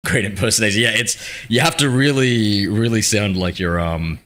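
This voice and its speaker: Speaking at normal speed with few pauses, a man chats with his game-stream viewers in a low voice that has a bright, forward edge. He rambles, teases himself and reads their messages out loud. The audio comes through a streaming mic with a noise suppression filter.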